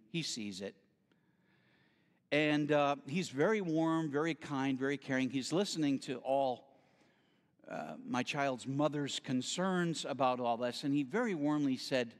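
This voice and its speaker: A middle-aged man tells stories from the pulpit as a guest speaker, his voice rising and falling in wide swings. He talks slowly and does the voices of the people he describes. The sound carries a long echo from a large hall. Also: medium pitch. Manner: animated storyteller acting out voices in quotes. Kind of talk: storytelling sermon.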